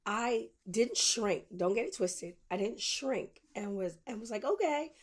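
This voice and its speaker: A woman's voice: mid-range voice, a little slow. A woman podcast host telling a personal story in a candid monologue, acting out both sides of the conversations she recounts.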